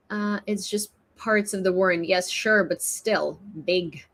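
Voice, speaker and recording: A woman from Ukraine, hosting a casual livestream news chat in a chatty, giggly way, often restarting her sentences into a phone. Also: mid-range voice. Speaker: livestream host.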